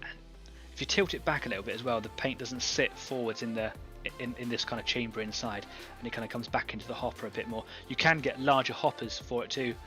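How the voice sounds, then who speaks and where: A man's voice: mid-range voice, fairly even intonation, fast, bright, forceful tone, faint music behind. A man hosting an online painting club, chatting casually and thinking aloud as he demonstrates airbrush painting. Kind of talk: casual live-stream painting demo.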